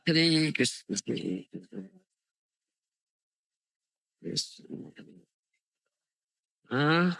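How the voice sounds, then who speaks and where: A man's voice: on the high side, drawn-out words, long pauses. A man with an Indian English accent lecturing on scripture in a 1992 recording, telling stories with lots of animation and checking often with his listeners by asking whether they understand. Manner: animated storytelling, frequent "you understand?" and "huh?" checks. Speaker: spiritual teacher. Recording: dry close 1990s tape.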